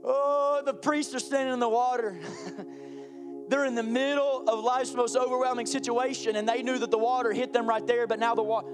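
Man, pastor, very high voice, lively sermon, soft music under it. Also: normal speed, long pauses. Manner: animated preaching, acts out voices, repeats phrases. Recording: faint music behind.

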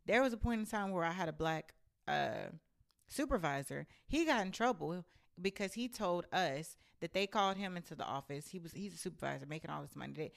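A woman telling a story from her own life in a blunt, animated and profane casual rant. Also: fairly low pitch, fairly quick, vocal fry.

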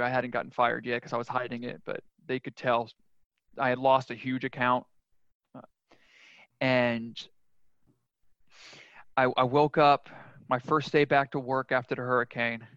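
A man appearing as a podcast guest tells his own story frankly, earnestly and confessionally in a casual interview setting. His mid-range voice is bright with a forceful tone, and the recording is dry with a dull, lo-fi sound.

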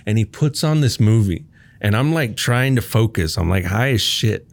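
A man's voice: lowish voice, expressive, moderate pace. Laid-back man telling a story. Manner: laid-back, swears often, laughs while telling. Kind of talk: casual storytelling chat.

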